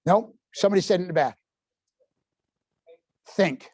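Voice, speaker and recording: A man's voice: high-pitched, lively intonation, a little slow, a little mellow, no room sound. A man in his seventies leading a live parenting workshop in a library room, quizzing the audience with folksy asides. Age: 70s. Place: public library meeting room.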